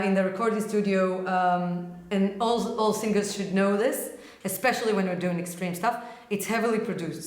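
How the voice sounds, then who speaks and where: A woman vocal coach explains technique in a casual, lively way and slips into quick sound demonstrations. Her voice sits at a middle pitch. The recording has a roomy echo. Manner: casual and animated, breaks into short vocal demonstrations. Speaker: vocal teacher. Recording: echoey room.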